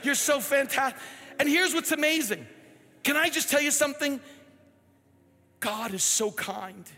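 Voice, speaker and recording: A male pastor preaching a sermon in a church, animated and swinging between loud and hushed. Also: very high voice, a little slow, long reverb tail. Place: large church hall.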